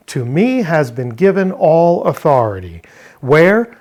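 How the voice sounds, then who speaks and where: A man's voice: on the high side, very animated, unhurried, a little mellow. A man teaching a verse-by-verse Greek word study, explaining step by step and posing rhetorical questions. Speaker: Bible language teacher.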